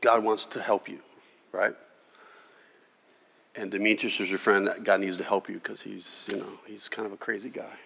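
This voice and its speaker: A man preaching a sermon as a pastor, animated, voicing Jesus and God in quoted lines. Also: lowish voice, normal speed, creaky, pauses often. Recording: reverberant hall.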